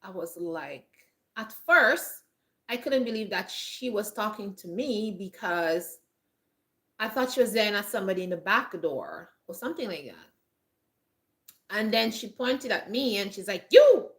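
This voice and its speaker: Woman vlogger, mid pitch, earnest and chatty, self-correcting advice-giver. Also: very animated, unhurried, a bit bright. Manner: earnest, chatty, repeats herself and restarts phrases. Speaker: lifestyle vlogger. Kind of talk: casual advice talk to camera.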